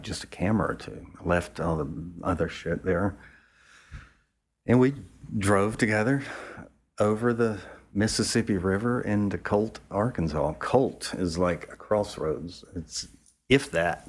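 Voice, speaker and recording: Man photographer guest, low voice, easygoing profane yarn-spinner. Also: slightly rough. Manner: loose, rambling, profane, chuckling. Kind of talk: casual storytelling anecdote.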